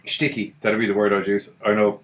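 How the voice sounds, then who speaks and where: A man's voice: fairly low pitch, flat delivery, fairly quick. A man hosting a podcast, chatting casually and joking loosely. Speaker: podcast host. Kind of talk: casual chat.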